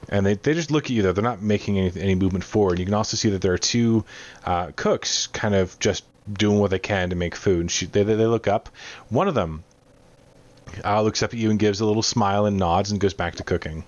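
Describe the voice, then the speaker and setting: A man narrating and refereeing a tabletop game as game master, relaxed and descriptive. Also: fairly low pitch, dull audio. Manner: relaxed, descriptive, halting with fillers.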